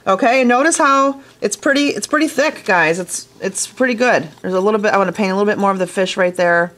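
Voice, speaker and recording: A woman with a mid-range, fairly bright voice talks fast as she teaches glass fusing. It's a casual hands-on tutorial from a studio workshop, and she speaks chattily and enthusiastically straight to her audience.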